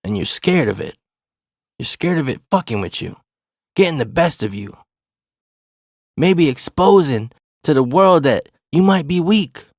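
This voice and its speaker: A blunt male basketball coach pushes his point hard and swears as he lectures, as a man retells him. His voice rides higher than the teller's own, with a gravelly edge. It sits dry and close. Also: expressive, a little slow, long pauses, dry recording. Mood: earnest. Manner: insistent, coaxing, swearing at times.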